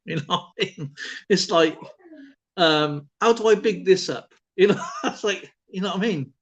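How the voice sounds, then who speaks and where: A man's voice: a little high, normal speed, fairly bright tone. A man co-hosting a live stream in casual chat, rambling with many fillers and restarts.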